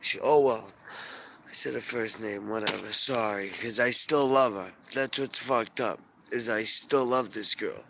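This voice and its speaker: A man's voice: medium pitch, gravelly. A man vlogging a rambling, agitated personal monologue, swearing constantly. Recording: noisy home recording.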